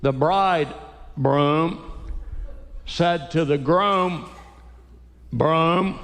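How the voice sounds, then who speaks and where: Southern-style folksy comedian guy, slow and stop-start, kinda high voice, echoey church hall. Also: fairly bright tone. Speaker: Christian comedian and speaker. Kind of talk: live stand-up storytelling. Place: church sanctuary, live audience. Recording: echoey hall, live show.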